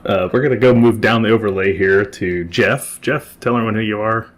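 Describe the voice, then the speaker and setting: A man's voice: on the low side, brisk. A man hosting an online tabletop game as game master, upbeat and encouraging to his players.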